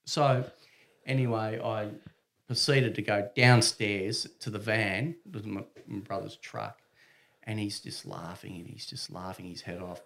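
A man's voice: lowish voice, measured pace, vocal fry. A man telling a casual anecdote, acting out voices and chuckling mid-sentence. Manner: animated, acts out voices, laughs mid-sentence. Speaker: storyteller.

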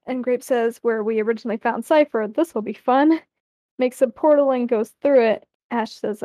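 A woman's voice: fairly high pitch, moderate pace, mellow, dry recording. A young woman co-hosting a podcast, reading a story aloud in a casual, playful way.

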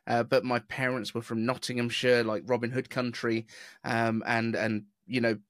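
A British man hosts a tech podcast in a chatty, rambling, self-deprecating way. His neutral southern English accent has a middle-pitched voice. The recording is dry and close, with no room echo. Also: little pitch movement, normal speed. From southeast England. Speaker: podcast host. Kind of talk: casual chat.

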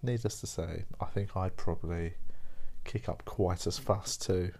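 A young man talks in a deep, low voice, sounding tired as he rambles through a casual solo chat. His manner is wry and self-mocking, like a podcast host thinking out loud. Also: unhurried, gravelly, breathy edge.

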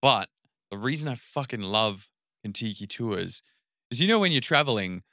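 A man's voice: medium pitch, animated, normal speed, pushed and bright, no room sound, clean studio sound. A man co-hosting a podcast in casual chat, laughing easily, swearing casually and steering the conversation. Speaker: podcast co-host.

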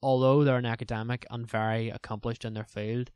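Smooth-voiced Northern Irish young man. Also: medium pitch, level tone, brisk, a little mellow, dry recording. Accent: strong Northern Irish. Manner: reflective, hesitant, trailing off. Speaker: university student. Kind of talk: casual chat.

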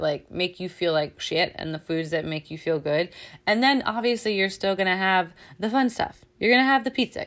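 A woman's voice: fairly low pitch, creaky. A woman hosting a casual motivational chat, talking candidly and loosely, with frequent laughs and plenty of swearing. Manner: candid, chatty, swears freely, laughs often.

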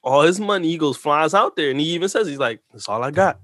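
Man, casual film breakdown, acts out lines, slightly high pitch, dry close sound. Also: fast talker, no room sound. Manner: animated, acts out scenes, profane. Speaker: movie discussion co-host. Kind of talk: casual chat.

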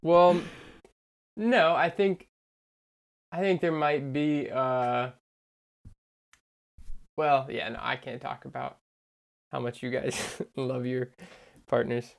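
Podcast co-host, casual chat, teasing, dry quick comebacks. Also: mid-range voice, steady tone, gravelly.

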